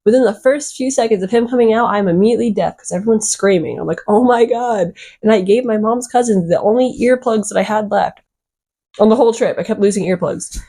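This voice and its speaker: A woman vlogger telling a rambling, excitable storytime, full of fillers and little giggles. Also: medium pitch, a little fast, husky. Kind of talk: casual storytime chat.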